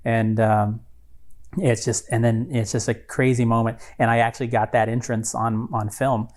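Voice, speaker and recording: A man's voice: medium pitch, little pitch movement, normal speed, a little mellow. A man co-hosting a podcast, telling a story in casual chat, rambling with many fillers and restarts. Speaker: podcast co-host.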